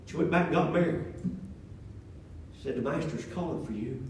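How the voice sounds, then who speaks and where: A middle-aged man preaches in a church, his voice set high for a man and rising and falling as he builds his points. He talks folksy and plain, trading call and response with the room. The sound is echoey and a little distant from the mic. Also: normal speed, a little mellow, a little hiss or hum. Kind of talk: preaching a sermon.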